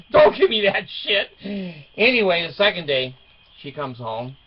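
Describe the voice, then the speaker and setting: A man's voice: high voice, big pitch swings, unhurried, highs cut off. An older man telling a rambling, joking story in a casual monologue, laughing often. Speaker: vlogger.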